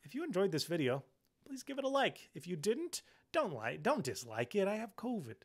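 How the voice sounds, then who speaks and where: A young man walks through software on his tech channel in a chatty, eager way, though he sounds worn out and short on energy. His voice has a gravelly edge, and it sits slightly high for a man. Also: sing-song, normal speed. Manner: chatty, enthusiastic, talks while demonstrating. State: tired, low on energy. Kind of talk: casual software demo.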